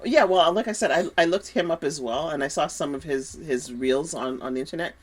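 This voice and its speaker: Low-voiced chatty woman co-host. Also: a little fast. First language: French speaker. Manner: chatty, animated, with frequent restarts. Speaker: podcast co-host. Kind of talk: casual chat about a soap opera.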